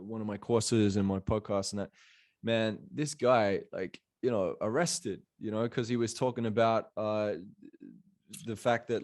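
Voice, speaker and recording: A man speaking at a fairly low pitch, loose and rambling in a relaxed podcast chat. He strings thoughts together with constant fillers, sounding conversational and unpolished. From Australia. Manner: rambling, heavy on fillers like "you know" and "bro".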